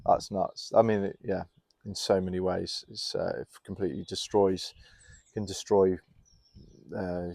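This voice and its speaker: A young man, a fitness coach guest, chatting casually outdoors in a garden on a podcast and telling candid, animated stories. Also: low voice, unhurried, gravelly, no room sound. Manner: candid, animated storyteller who laughs easily.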